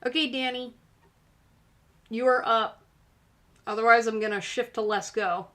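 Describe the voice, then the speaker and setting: A woman's voice: fairly high pitch, steady tone, unhurried, fairly bright tone. A woman hosting a live-stream tarot reading, talking casually and encouragingly with lots of fillers. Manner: chatty, filler-heavy, encouraging.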